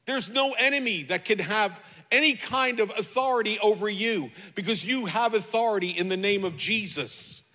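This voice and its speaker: This pastor's sermon comes in a high, ringing, bright male voice full of fervor, delivered at normal speed with hardly any pauses. Phrases get repeated as he calls out to his congregation, all within the long reverb of what sounds like a big hall.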